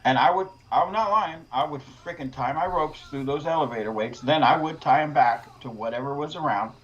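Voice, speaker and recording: A man's voice: fairly high pitch, brisk, a bit bright, dull audio. A middle-aged man, a window cleaner and podcast guest, telling work stories in a laid-back casual chat. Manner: laid-back, conversational storytelling.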